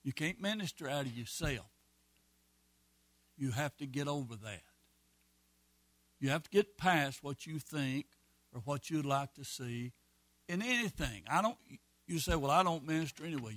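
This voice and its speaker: A man delivers a sermon in a slightly raised voice, folksy and emphatic. He hammers repeated phrases and drops quick asides. The sound is close and dry, with no room echo. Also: fairly high pitch, expressive, a bit bright. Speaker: pastor.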